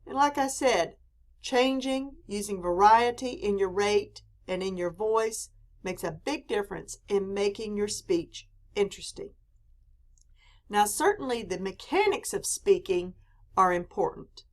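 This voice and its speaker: A woman from the Southern mountains, her accent softened, giving a clear, deliberate lecture on public speaking with emphatic stresses. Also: medium pitch. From Southern US mountain region. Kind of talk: recorded classroom lecture.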